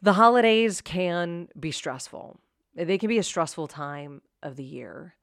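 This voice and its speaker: A woman's voice: on the low side, expressive, a little slow, creaky, no echo, studio quality. A woman hosting a motivational self-help talk, speaking straight to the listener with upbeat rhetorical questions.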